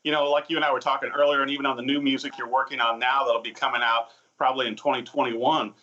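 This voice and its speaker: A male host leads an interview with eager, encouraging chatter full of fillers. His voice has a bright, forward edge. The sound is slightly dull and muffled. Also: medium pitch, level tone, fast. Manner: enthusiastic, affirming, lots of fillers. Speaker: TV show host. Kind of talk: casual interview talk.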